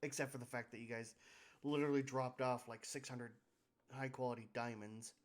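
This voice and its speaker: A man's voice: medium pitch, flat delivery, normal speed. A young man running a tabletop game on a live stream, narrating casually with restarts and fillers. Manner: casual, rambling, self-correcting.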